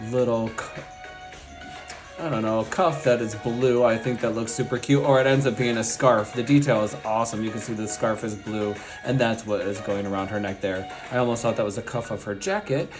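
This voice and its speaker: A man's voice: medium pitch, fairly even intonation, moderate pace, over music. A man hosting a casual toy unboxing, talking in an enthusiastic, gushing way and piling up praise.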